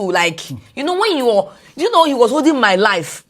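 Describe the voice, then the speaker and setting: Husky Nigerian woman telling her story. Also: on the low side, moderate pace. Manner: animated retelling that slips between English and Pidgin. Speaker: guest. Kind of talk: personal storytelling in a podcast interview.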